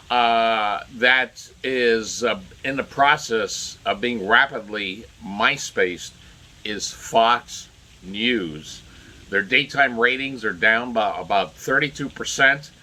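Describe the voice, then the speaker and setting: A man delivers opinionated solo commentary in a bright, forceful voice. He rambles and circles back, stacking up fillers and restarts as he grows indignant. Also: mid-range voice. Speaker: political commentator.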